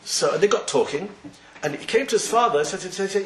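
Speaking in quick bursts with lively intonation, a fairly high-voiced man, a rabbi giving a talk, relates a Torah story at great length. He wanders, says things twice, and voices the characters, while the room echoes and a faint hiss lingers.

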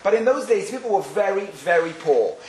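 Male speaker, animated storyteller, slightly high voice, roomy recording with faint hiss. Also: brisk. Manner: animated storyteller, many fillers. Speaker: speaker giving a religious talk. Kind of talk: storytelling religious talk.

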